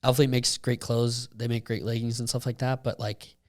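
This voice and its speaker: A young man co-hosting a casual podcast, talking in a rambling way with lots of fillers and getting animated when he retells a story. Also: mid-range voice, a little fast. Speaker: podcast co-host. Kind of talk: casual chat.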